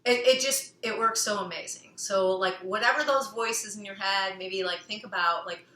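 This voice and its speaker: A woman's voice: medium pitch, moderate pace, sharp tone, a little hiss or hum. A woman speaking casually about healing, rambling with many "you know" fillers and now and then singing a phrase in a playful way. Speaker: self-help speaker. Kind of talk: casual personal talk on healing. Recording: echoey room.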